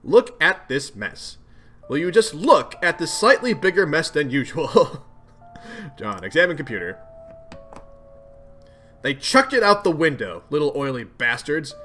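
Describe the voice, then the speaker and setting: Chatty guy reading comics out loud, bright voice, kinda high. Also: measured pace, long pauses, soft background music. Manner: animated, chatty, reacting with surprise. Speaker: webcomic reader and host. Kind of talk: casual read-aloud commentary.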